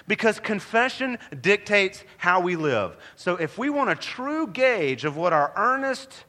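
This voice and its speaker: Animated, bright-voiced preacher man. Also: medium pitch. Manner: emphatic, animated preaching with rhetorical questions. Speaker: pastor. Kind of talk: sermon. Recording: long hall reverb.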